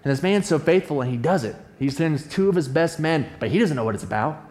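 A man preaching a sermon in an animated, conversational storytelling way, often checking in with his listeners. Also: fast talker. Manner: animated storytelling, acts out quoted voices with a raised pitch; conversational, often asks "right?". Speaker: pastor.

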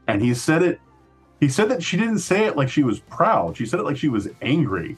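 A man's voice: lowish voice, big pitch swings, normal speed, breathy edge, faint music behind. A man chatting casually on a podcast, rambling through a story with frequent laughs and swearing. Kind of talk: casual chat.

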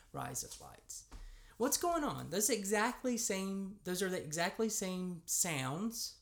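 An American man with an American accent, preaching a conversational sermon as a pastor and reading scripture aloud. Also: high-pitched. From United States. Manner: conversational preaching with emphatic rises.

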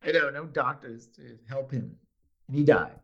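A man's voice: medium pitch, steady tone, normal speed, creaky, a bit bright, dull audio. A man co-hosting a casual chat, recapping a TV episode, laughing often and restarting his sentences. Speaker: podcast co-host.

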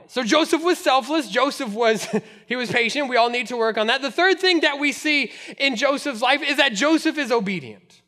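A man preaching a sermon as pastor, telling stories in an animated way and laughing often. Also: extremely high pitch.

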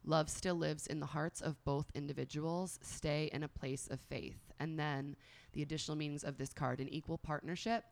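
A woman's voice: deep voice, fairly even intonation, moderate pace, creaky, hardly any pauses, darkish tone. A woman in her thirties, reading oracle cards aloud and chatting casually, with many filler words. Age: 30s. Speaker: tarot and oracle card reader. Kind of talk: casual chat and card reading.

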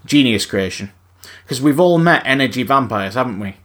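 A man's voice: mid-range voice, animated, normal speed, a bit bright. Hesitant man chatting on a podcast. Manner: hesitant, searching for words. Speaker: podcast co-host. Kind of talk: casual podcast chat.

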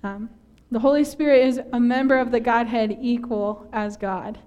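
A woman from northern Minnesota delivers a Sunday sermon to her congregation in a church. Her voice sits a little high. She talks in a chatty, self-deprecating way and laughs often at herself. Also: steady tone, moderate pace, mellow, clean tone, dull audio. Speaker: preacher.

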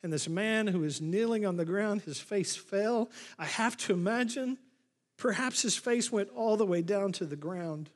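A man's voice: high-pitched, normal speed. A man preaching a sermon as pastor, retelling a Bible story and acting out the lines of the people in it. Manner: animated storytelling, acts out the scripture scenes. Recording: long hall reverb.

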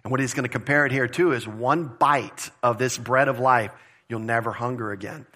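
A pastor preaching a conversational, emphatic sermon, repeating phrases for stress. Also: male voice, medium pitch, moderate pace, bright, forceful tone. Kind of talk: expository sermon.

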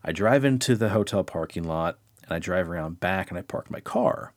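A man co-hosting a podcast, telling a long personal story in casual chat, rambling and animated, full of "like" fillers. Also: low voice, moderate pace, no echo, clean studio sound. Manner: rambling, animated, heavy use of "like". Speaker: podcast co-host.

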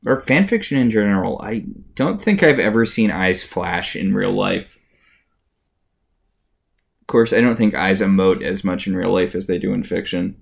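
Man co-host, very low voice, deadpan sarcastic recap chat. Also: moderate pace, gravelly. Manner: dry, sardonic commentary. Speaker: podcast co-host.

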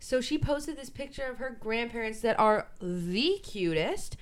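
A woman co-hosting a podcast in casual chat, playful and teasing, quick to laugh. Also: a little high, expressive. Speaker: podcast co-host.

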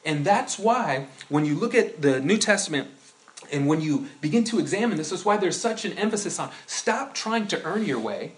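A man preaching a sermon in a conversational way, building into animated storytelling. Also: fairly high pitch, normal speed. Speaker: pastor.

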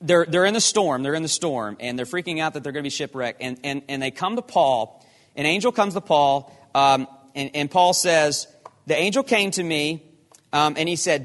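A man preaching a sermon, emphatic and animated, firing off rhetorical questions. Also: fairly high pitch, a little fast. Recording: long hall reverb.

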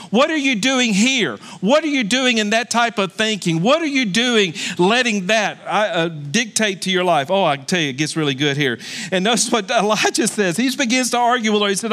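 Pastor, man, fairly high voice, delivers a sermon with emphatic rhetorical questions. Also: a little fast, fairly bright tone. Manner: reads scripture aloud, breaks off to exhort the congregation.

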